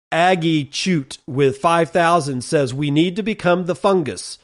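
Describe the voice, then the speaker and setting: A man hosting a solo podcast, reading out numbers and listener messages and ranting casually and bluntly, with some swearing. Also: fairly high pitch. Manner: reads listener messages and figures aloud. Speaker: podcast host.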